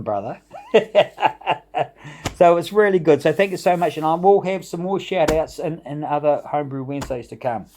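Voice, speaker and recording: A middle-aged man with a warm, mellow voice hosts his home brewing vlog. He talks casually and enthusiastically, rambles a little and chuckles along the way. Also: a little high, moderate pace, slight background noise. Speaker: home brewing channel host. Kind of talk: casual vlog shout-outs.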